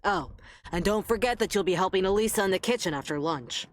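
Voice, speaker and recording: An actress playing a worldly hotel maid who gossips knowingly to a new coworker in a video game. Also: female voice, mid-range voice, animated, quick pace, no echo, lightly acted. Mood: gossipy. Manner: gossipy, knowing, drops to confiding tones.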